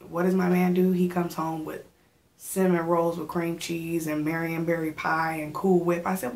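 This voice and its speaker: A pregnant woman in her thirties chats casually in a vlog, her voice lowish and her pace moderate. She tells stories full of animated quoted asides and now and then runs out of breath.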